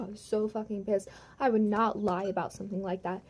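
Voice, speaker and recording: A woman's voice: mid-range voice, level tone, a little fast. A young woman vlogging a storytime from home, retelling events heatedly with lots of swearing and "like". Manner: profane, heated retelling full of "like". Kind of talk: storytime vlog.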